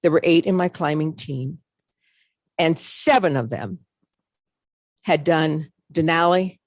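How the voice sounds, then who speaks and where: Older woman telling a lively story. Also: deep voice, no echo. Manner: animated storytelling, acts out her own reactions. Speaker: speaker. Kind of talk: motivational talk.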